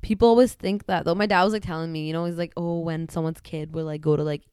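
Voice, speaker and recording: A woman's voice: sits low, steady tone, fast talker, darkish tone, clean tone, no echo, studio quality. A woman in her twenties from Canada, chatting casually and giving sympathetic, reflective comments. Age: 20s. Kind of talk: casual chat.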